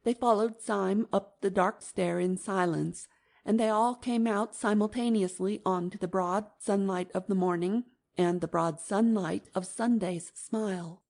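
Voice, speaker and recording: A woman narrating an audiobook in an even, measured manner. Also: medium pitch, creaky.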